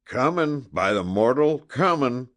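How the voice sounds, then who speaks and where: A man doing a hoarse, roaring backwoods scout. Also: medium pitch, big pitch swings, slow, voice pushed up. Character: rough, ugly backwoods scout, loud. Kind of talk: audiobook character reading.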